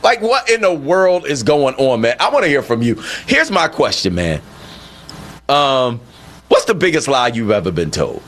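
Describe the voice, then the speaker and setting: A man's voice: mid-range voice, sing-song, normal speed, a bit bright. A man hosting a call-in radio talk show, speaking emphatically and firing off rhetorical questions.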